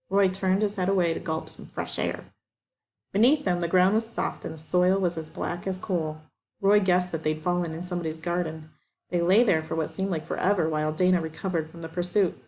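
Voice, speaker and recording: A woman reading a novel aloud in steady, even narration. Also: lowish voice. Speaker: audiobook reader. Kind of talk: scripted narration.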